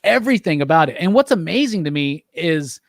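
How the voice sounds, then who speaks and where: A man hosting a casual movie review chat, talking with animated enthusiasm and leading the discussion. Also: a little high, brisk, creaky, no echo. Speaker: podcast host.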